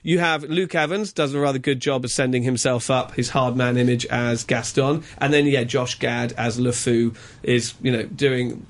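A man's voice: mid-range voice, steady tone, moderate pace, few pauses. A man reviewing a film in a casual radio chat, opinionated and chatty, with frequent ums and uhs.

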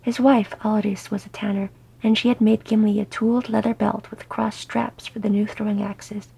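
Husky woman reading a story. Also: medium pitch, moderate pace, rough recording. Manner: animated, voices each character. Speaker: audiobook reader. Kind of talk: fan fiction audiobook narration.

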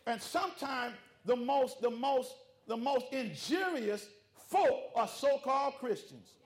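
High-voiced preaching man. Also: animated, slow. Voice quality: informal vernacular, rhythmic repetition. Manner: preaching with call-outs to the congregation. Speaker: pastor. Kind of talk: sermon.

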